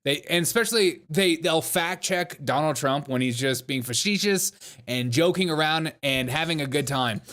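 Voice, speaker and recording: A man's voice: a little high, moderate pace, heavy background noise. A man hosting a comedic political commentary show, mocking and joking as he laughs along. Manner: jokey, mocking, laughs often.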